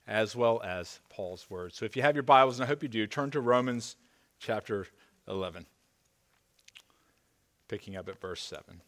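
In a church sanctuary, a male pastor with a mid-range, slightly bright voice preaches a sermon. He gives scripture readings emphatically, then drifts into casual asides marked by stammered restarts.

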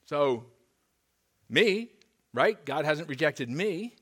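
A man's voice: mid-range voice, moderate pace, fairly bright tone. A man, a pastor, preaching a sermon in a church. He reads scripture with emphasis, then slips into casual asides with stammered restarts. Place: church sanctuary.

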